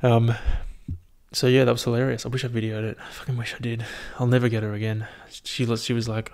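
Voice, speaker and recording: Brief: podcast host, mid-pitched, chatty and rambling, swears a lot. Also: male voice, flat delivery, fast talker, creaky. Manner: rambling, heavy swearing, amused. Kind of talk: casual solo monologue. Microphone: headphones and podcast mic.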